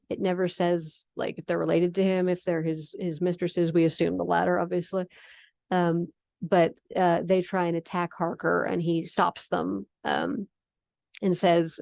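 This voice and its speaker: Low, gravelly-voiced woman lecturing. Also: dry recording, clean studio sound. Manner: relaxed explaining with frequent ums. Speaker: lecturer on vampire literature. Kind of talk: lecture with readings from a novel.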